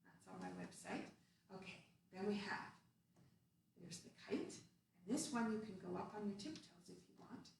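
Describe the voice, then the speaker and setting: Heard from a distant mic in a very echoey room with faint hiss, a woman with a medium-pitched, animated, creaky voice teaches a children's movement lesson. At a moderate pace, she guides actions step by step in a playful sing-song.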